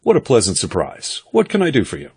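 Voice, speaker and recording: A man voicing a suspicious, smooth male political advisor with a hearty, hail-fellow-well-met tone in an audiobook. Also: sits low, animated, a little fast. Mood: jovial.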